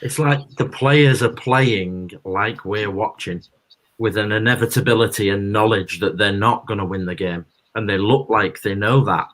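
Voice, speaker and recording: Co-hosting a live football watchalong, a man with a lowish, fairly bright voice speaks at normal speed. He's a fan who sounds gloomy and blunt, bluntly doubting his team's chances during the casual chat.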